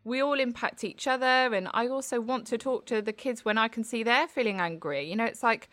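A woman's voice: on the high side, fairly quick, a bit bright. A woman co-hosting a casual chat, speaking candidly and reflectively, often restarting her sentences.

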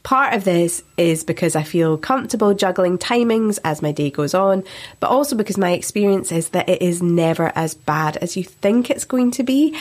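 Woman podcast host, low register, chatty, laughs at herself. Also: slightly rough. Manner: chatty, self-deprecating, laughs easily. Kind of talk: casual podcast chat.

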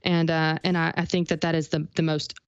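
A woman's voice: low-pitched, level tone, fairly quick, clean tone, dry recording, dull audio. A woman being interviewed, giving emphatic motivational business advice and repeating her main points. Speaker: guest, business author.

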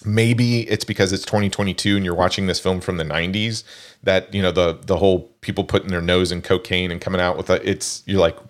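A man casually discussing a film, animated and laughing often, with frequent restarts. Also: deep voice, brisk.

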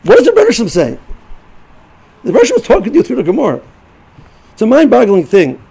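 Middle-aged rebbe guy, high-ish gravelly voice, keeps restarting sentences. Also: wildly swooping pitch, mellow, poor audio. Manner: halting, repeats words, restarts sentences. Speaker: yeshiva rebbe giving a shiur. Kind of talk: informal Torah talk.

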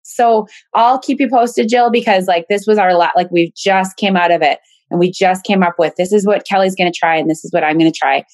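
A woman telling candid, animated personal stories in a casual podcast conversation. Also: medium pitch, a little fast, few pauses, dry recording.

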